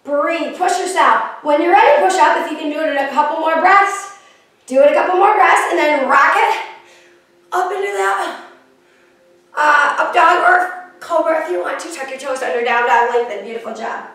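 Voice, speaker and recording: A woman's voice: high voice, moderate pace, a bit bright. A woman teaching a yoga class, giving encouraging, chatty cues with playful asides to herself. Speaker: yoga instructor. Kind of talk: guided yoga class instruction. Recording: echoey room, from a distance, with music.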